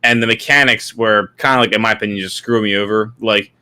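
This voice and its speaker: A young man with a bright, forward voice chats casually on a podcast, tripping over his words and repeating himself. He sounds loose and self-deprecating. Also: on the low side, steady tone, fast talker, clear, resonant tone. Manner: stammering, chatty, self-deprecating. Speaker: podcast co-host.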